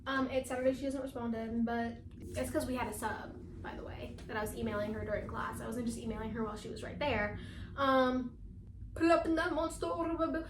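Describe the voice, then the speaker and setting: A teenage girl vlogging in a casual, chatty way, talking fast with lots of fillers and laughing often. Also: a little high, steady tone, echoey room, noisy background. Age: teens. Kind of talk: casual chat.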